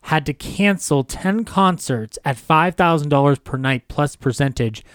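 A man's voice: a little high, expressive, unhurried, a bit bright, clear, resonant tone, dry recording, studio quality. A man co-hosting a podcast, chatting casually about film history in a jokey way, laughing often. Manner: jokey, laughs often, throws in silly impressions. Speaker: podcast co-host.

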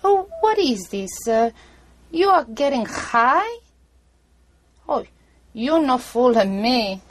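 A woman's voice: high-pitched, sing-song, a little hiss or hum, heavily acted. A woman playing a scolding Italian-accented film operator. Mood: scolding, disbelieving. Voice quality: heavy broken-English accent, slow and scolding. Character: rude disbelieving female emergency operator, middle-aged. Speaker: emergency operator.

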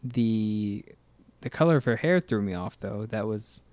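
A man's voice: fairly low pitch, expressive, a little slow, darkish tone, dry recording. A man co-hosting a casual movie commentary chat, rambling and hesitant with many fillers and restarts. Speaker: podcast co-host.

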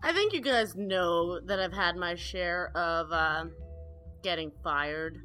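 A woman's voice: fairly low pitch, slow, sharp tone, faint music behind. A young adult woman in casual podcast chat, teasing, laughing often and swearing. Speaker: podcast co-host.

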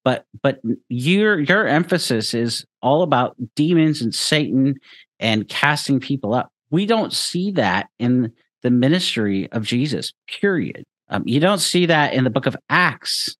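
A man's voice: mid-range voice, big pitch swings, measured pace, fairly bright tone, dry recording. A man hosting a show, giving emphatic critical commentary, repeating his points and speaking straight to the person he criticizes. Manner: emphatic, repeats himself, addresses the preacher directly. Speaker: host.

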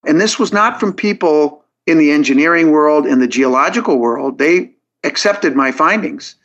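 This podcast guest has a slightly high, bit-bright voice with lively intonation, speaking at normal speed. He earnestly reasons aloud step by step in a logical, story-like way, restarting sentences often, captured on dull lo-fi audio.

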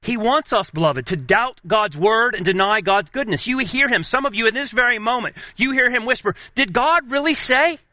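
Earnest high-voiced male pastor, dry sound. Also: sharp tone, dry recording. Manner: earnest, slows and drops low for emphasis. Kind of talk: sermon.

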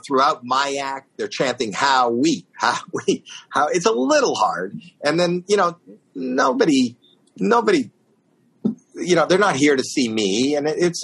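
A man telling a funny anecdote in a casual chat, acting out the other people's lines with shouts and bursts of high pitch. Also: moderate pace, breathy edge. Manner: animated storyteller, acts out voices and shouts. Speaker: guest telling a story.

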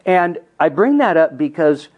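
A middle-aged man giving a teaching talk to counselors, telling a family story in an earnest way that moves from hushed to emphatic. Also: on the high side, big pitch swings, a little slow, dull audio.

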